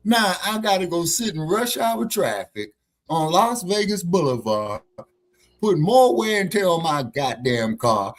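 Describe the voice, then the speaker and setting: A man co-hosting a casual online chat show, telling profane, animated stories about his delivery work. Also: sits high, measured pace. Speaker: co-host.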